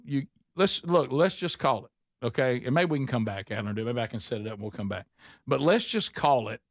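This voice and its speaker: A man's voice: mid-range voice, dry recording, clean studio sound. A male talk show host, telling stories in a casual way and acting out the people he quotes, with many stammered restarts.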